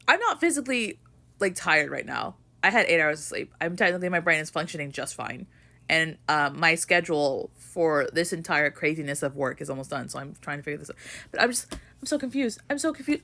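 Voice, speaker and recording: In her casual vlog, a young woman gets emotional ranting about a book, cursing and rambling and saying "like" constantly. She speaks briskly in a low, sing-song voice with a sharp tone.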